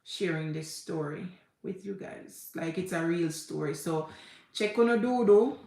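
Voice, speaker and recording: A woman's voice: on the low side, measured pace, creaky, dark tone. Tearful Jamaican woman in an echoey room. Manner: heartfelt, tearful, repeats herself, mixes in patois. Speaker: vlogger. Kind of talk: emotional personal storytelling.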